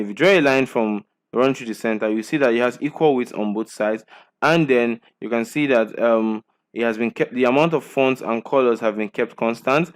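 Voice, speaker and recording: Man teaching design, checking in often. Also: medium pitch. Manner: repeats "okay", "right" and "good" as checks; walks through examples point by point. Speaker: design instructor. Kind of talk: screen-share design lesson.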